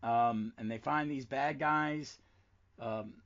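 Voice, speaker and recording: A man co-hosting a casual podcast chat about comics, talking with enthusiasm and reading lines aloud slowly for effect. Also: medium pitch, a bit bright. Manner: enthusiastic, reads comic dialogue aloud with slow emphasis. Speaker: podcast co-host. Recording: dull lo-fi podcast audio.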